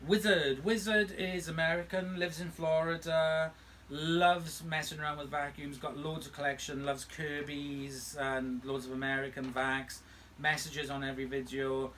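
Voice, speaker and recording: A man's voice: on the high side, little pitch movement, moderate pace, a bit bright, slight background noise. A man hosting a vacuum restoration channel, chatting casually from home in a playful, teasing way. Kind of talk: casual chat. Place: home room.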